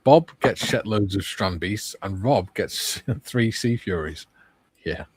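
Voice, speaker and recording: A man's voice: lowish voice, lively intonation, takes it slowly, slightly rough, dry recording. Chatty man reading viewer comments. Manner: reads viewer comments aloud, chatty and laughing. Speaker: livestream host reading chat. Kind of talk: casual livestream chat.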